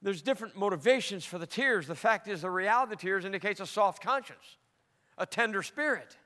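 High, bright-voiced preacher man in a hall. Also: animated, fairly quick. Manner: emotional, swinging between loud emphatic peaks and soft low asides. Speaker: pastor. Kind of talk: sermon. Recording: long hall reverb.

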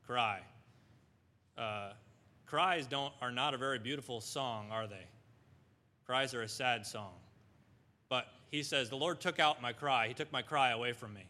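A man's voice: medium pitch, unhurried, long pauses, pushed and bright, in a large hall. A man preaching a sermon, reading scripture aloud in old wording and asking the listeners questions.

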